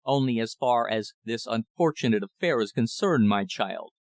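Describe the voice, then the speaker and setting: A man voicing an older, thin-faced country rector with a slow clerical drawl and a cynical edge. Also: medium pitch, animated, dry recording, natural voice. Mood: grave, warning.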